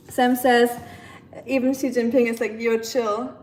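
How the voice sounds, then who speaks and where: A woman's voice: a little high, flat delivery, slow pace, a little mellow, echoey room, low-quality recording. A young woman from southern Germany with a German accent, chatting casually with her live stream audience, laughing often and reacting to chat messages. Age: young adult.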